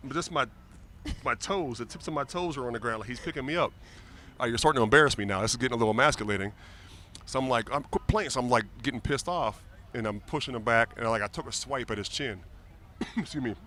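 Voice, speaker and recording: A man in his forties, a retired football player, telling lively, joking stories as a guest in a casual interview. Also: mid-range voice.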